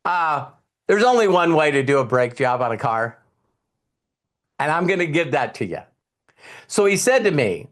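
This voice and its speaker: A man's voice: fairly high pitch, moderate pace, long pauses. A middle-aged man giving a motivational seminar talk on network marketing, emphatic, acting out quoted conversations, and often turning to the audience with questions. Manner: animated, emphatic, acts out quoted dialogue; addresses the audience directly with repeated questions.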